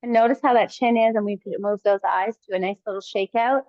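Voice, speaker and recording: A woman coaching a kettlebell workout live, giving calm encouraging cues in short phrases. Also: medium pitch, brisk, dry recording, dull audio. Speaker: fitness coach.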